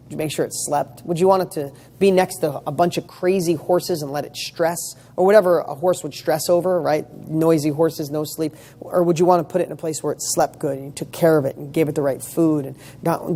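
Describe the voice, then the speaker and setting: A man's voice: fairly high pitch, dark tone. A man giving a motivational talk, firing rhetorical questions with emphatic, casual delivery and the odd swear word. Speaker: motivational speaker.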